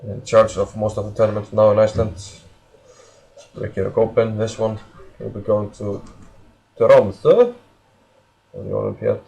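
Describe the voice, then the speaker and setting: A man's voice: lowish voice, moderate pace, vocal fry, long pauses, dark tone, slightly rough. A man giving live chess commentary on a stream, casual and jokey, thinking aloud and mocking himself.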